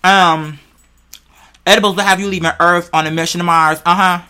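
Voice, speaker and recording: A vlogger rambling on camera to viewers, high on cannabis, playful and heavily profane. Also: fairly even intonation, moderate pace, pushed and bright, clear, resonant tone. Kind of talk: casual rambling vlog monologue.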